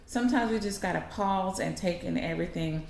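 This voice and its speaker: A woman's voice: on the low side, fairly quick, gravelly, echoey room, slight background noise. A woman vlogger telling a story casually to her viewers. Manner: chatty, animated.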